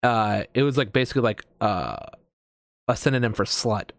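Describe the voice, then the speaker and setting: A man's voice: medium pitch, normal speed, vocal fry, no room sound, studio quality. An American man chatting casually, rambling with lots of fillers, restarts and swearing. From United States. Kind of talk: casual chat.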